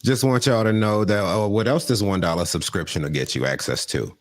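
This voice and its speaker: A man's voice: on the low side, a little fast. A man co-hosting a comedy podcast, joking and teasing in slangy casual chat.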